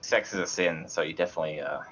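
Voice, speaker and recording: A man's voice: low voice, fast, a crowd in the background. A man co-hosting a casual podcast, rambling and teasing his friends. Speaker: podcast co-host. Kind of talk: casual chat. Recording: dull, lo-fi mic.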